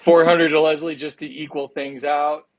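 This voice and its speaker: A man's voice: a little high, level tone, moderate pace, no room sound, highs cut off. A man hosting a chaotic online game show, joking and rambling with lots of ums and uhs as he handles the scores. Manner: jokey, rambling with many fillers.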